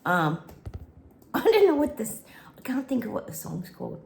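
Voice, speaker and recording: A woman's voice: fairly high pitch, huge pitch swings, moderate pace, vocal fry, darkish tone, echoey room, slight background noise. A woman hosting a psychic prediction channel, chatting casually to viewers, breaking into bits of song and laughing often.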